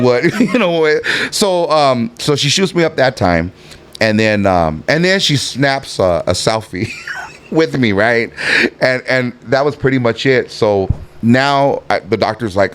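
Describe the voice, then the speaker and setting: A middle-aged man telling a long story in a casual interview, animated, swearing freely and acting out the other people in it. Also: mid-range voice, unhurried, clear, resonant tone.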